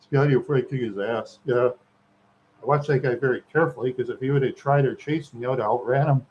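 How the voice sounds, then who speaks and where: A man's voice: mid-range voice, fast talker, a little mellow, a little hiss or hum. Brief: man from Minnesota, rambling live-stream host, frequent chuckles, slightly lo-fi recording. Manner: chuckles often, repeats words, rambling.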